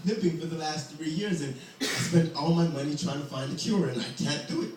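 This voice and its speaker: A man's voice: a little high, brisk, darkish tone, a little hiss or hum, lightly acted. Ragged worried father begging for help, man doing him, hesitant, echoey distance. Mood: pleading. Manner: pleading, hesitant. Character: poor worried vagabond father, pleading. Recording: echoey hall from far off.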